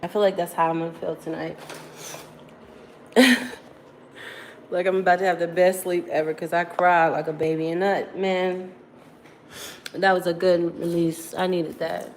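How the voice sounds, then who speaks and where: A woman's voice: lowish voice, level tone, measured pace, pauses often. Woman, 30s, from Virginia, worn out after crying, candid slangy livestream chat, faint hiss behind. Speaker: livestreamer reading viewer comments. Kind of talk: casual live stream chat.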